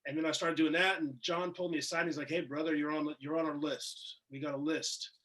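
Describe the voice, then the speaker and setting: A man telling casual, animated stories in an interview, swearing and laughing as he goes. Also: fairly high pitch, fast. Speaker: wrestler guest. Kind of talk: casual storytelling in a shoot interview.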